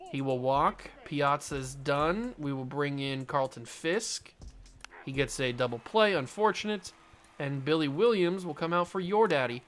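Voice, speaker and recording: Young man, gaming commentary, excitable play-by-play, slightly high voice, jokey. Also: a little hiss or hum. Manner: excitable, jokey play-by-play with sudden loud outbursts. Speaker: gaming YouTuber. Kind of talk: casual gameplay commentary.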